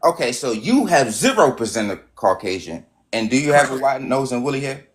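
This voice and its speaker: An insistent man hosts a casual livestream with callers. He repeats his points again and again and talks over anyone who strays. His voice sits at an everyday middle pitch. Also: big pitch swings, brisk, noisy background. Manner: insistent, repeats himself, keeps cutting in. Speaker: livestream host.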